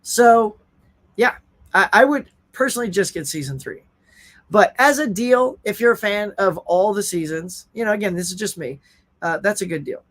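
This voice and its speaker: A man's voice: high-pitched, expressive, moderate pace, fairly bright tone. A middle-aged man hosting a casual live stream, chatting animatedly and reading viewer comments aloud. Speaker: host.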